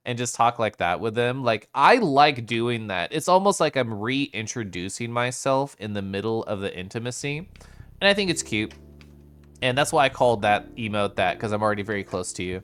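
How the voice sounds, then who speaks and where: A man streaming a casual chat with viewers, with playful sing-song intonation and drawn-out syllables, sometimes sinking into soft, quiet murmurs. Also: mid-range voice, animated, clear, resonant tone. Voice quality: comfy, distinctive voice. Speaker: livestreamer.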